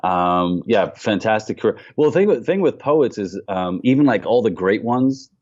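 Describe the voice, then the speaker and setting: A man with a very low voice and a faint New York accent, talking as a guest on a podcast. He tells stories in an animated way, pokes fun at himself and restarts his sentences often. The recording sounds a little dull and lo-fi. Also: moderate pace. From Queens, New York. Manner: animated storyteller, self-mocking, many restarts. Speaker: comedian guest. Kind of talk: casual podcast interview.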